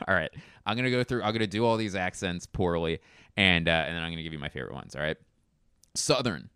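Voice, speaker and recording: A man hosts a casual comic riff on accents, rambling and crude and laughing at his own attempts. His voice is low, smooth and slow, with a lively pitch. The sound is close and dry. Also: no echo. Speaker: comedy video host.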